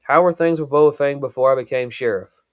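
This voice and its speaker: A middle-aged small-town sheriff and father who chooses his words carefully and speaks with quiet seriousness, in a storybook reading, voiced by a man reading aloud. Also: medium pitch, brisk, close to an everyday voice.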